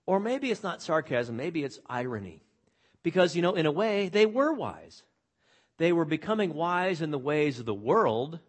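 Pastor, male, slightly higher voice, chatty preaching with dramatic scripture reading, frequent restarts. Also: sing-song, normal speed. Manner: frequent word repeats and restarts. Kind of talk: sermon.

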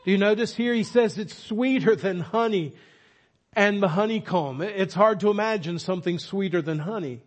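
A man's voice: high voice, normal speed. Dramatic male preacher telling stories. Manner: emphatic, dramatic storytelling. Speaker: pastor. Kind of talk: sermon.

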